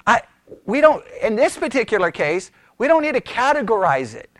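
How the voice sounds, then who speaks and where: A Bible teacher giving a conversational sermon, animated and exasperated, who mocks his opponents in raised voices. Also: mid-range voice, fairly quick, no echo, studio quality.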